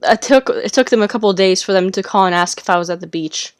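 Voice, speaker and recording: A woman's voice: medium pitch, fast, smooth, no room sound, studio quality. A woman cohosting a podcast, telling a long story in a casual chat.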